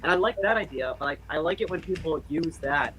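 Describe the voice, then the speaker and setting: Casting: young man, casual rambler, a bit high-pitched, lots of "like" and restarts. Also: animated, fairly quick, pushed and bright, poor audio. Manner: rambling, many fillers and restarts. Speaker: channel host. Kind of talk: casual group call chat.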